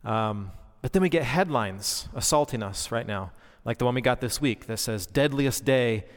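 A man's voice: mid-range voice, lively intonation, moderate pace. Pastor, male, thirties, earnest conversational sermon, voice ringing in a reverberant hall. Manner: earnest, conversational preaching with fillers.

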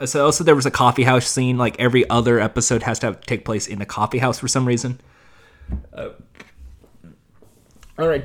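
A man in his late twenties casually recapping TV episodes, rambling and sarcastic, with the odd curse word. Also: mid-range voice. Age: late 20s. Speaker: TV show recapper.

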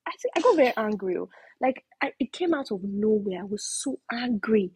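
A young Nigerian woman telling a story in casual chat, acting out her own shouting and slipping into pidgin. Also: medium pitch, fairly quick, low-quality recording. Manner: animated, switches into pidgin, acts out shouting.

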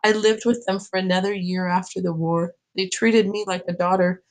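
A woman reading aloud from a novel, voicing a gentle, kindly elderly grandmother who speaks softly and tenderly. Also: mid-range voice, steady tone, normal speed, natural voice, low-quality recording. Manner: soft, tender storytelling.

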